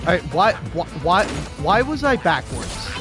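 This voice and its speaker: A man with a strained, hoarse voice rants heatedly over gameplay. He swears all the time, with a somewhat higher pitch than most men, and faint music runs underneath. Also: big pitch swings, measured pace. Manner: profane, ranting, heated. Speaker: gaming YouTuber. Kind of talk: angry gameplay rant.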